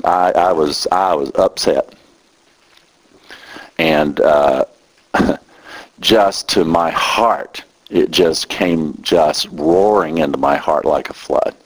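A man's voice: takes it slowly, husky, rough recording. A middle-aged man preaching a sermon as a minister, talking with growing passion. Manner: impassioned, rising in pitch when emotional.

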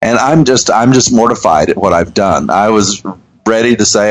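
A man, hosting a radio show and telling a story in an earnest, halting way with restarts. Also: on the low side, expressive, poor audio. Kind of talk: conversational storytelling.

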